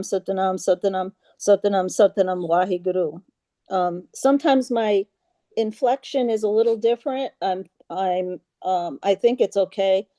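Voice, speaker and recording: Over a video call, a yoga class leader guides a group through meditation in a slow, mellow, soft voice at medium pitch. Patient and halting, she uses many little fillers and chants mantras in an even monotone. The sound is close and dry.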